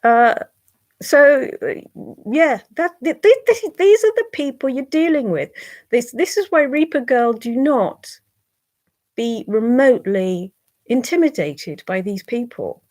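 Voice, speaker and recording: A woman's voice: on the high side, expressive, unhurried, darkish tone. A British woman on a livestream, bluntly scolding and swearing at online trolls.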